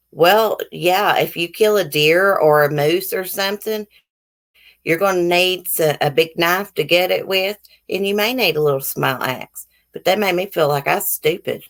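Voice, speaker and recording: A deep voice with vocal fry belongs to this woman from the American South, who speaks with a Southern accent. She hosts a laid-back YouTube live stream, reading comments and chatting bluntly and frankly with the people watching.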